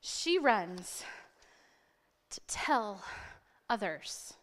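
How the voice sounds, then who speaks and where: A woman preacher retelling a scripture story in an animated, dramatic sermon style. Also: mid-range voice, drawn-out words, big-room sound.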